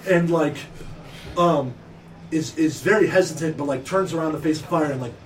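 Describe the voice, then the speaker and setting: A man's voice: on the high side, distant mic. A young man narrating as game master, with lots of fillers and restarts. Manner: halting, filler-heavy narration.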